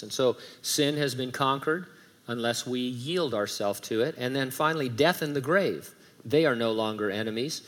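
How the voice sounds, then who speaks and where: A man's voice: mid-range voice, normal speed, fairly bright tone. Middle-aged male pastor, conversational sermon delivery, emphatic scripture reading, light humor. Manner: conversational preaching with humorous asides; reads scripture aloud with emphasis.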